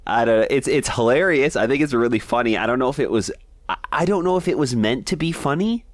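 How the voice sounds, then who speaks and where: A man's voice: mid-range voice, lively intonation, quick pace, no echo. A man co-hosting a podcast, chatting about comics in an easygoing, hesitant way with frequent laughs. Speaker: podcast co-host. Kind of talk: casual comic review chat.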